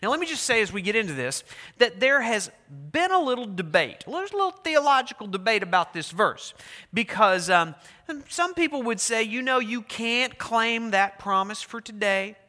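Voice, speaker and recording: A man preaching a sermon as pastor, animated and asking his congregation questions. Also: sits high, moderate pace. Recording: long hall reverb.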